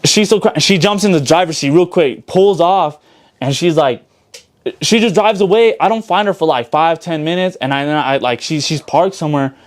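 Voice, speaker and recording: A man's voice: fairly high pitch, moderate pace. A young adult man as an interview guest, telling his side in a casual, slangy podcast talk full of swearing.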